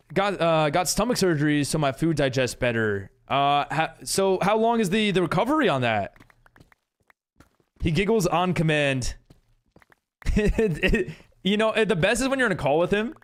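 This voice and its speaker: A man with a high-pitched, animated voice talks at a moderate pace while live-streaming a game. He chats casually with viewers, reading their messages aloud and answering them in rambling talk full of giggles.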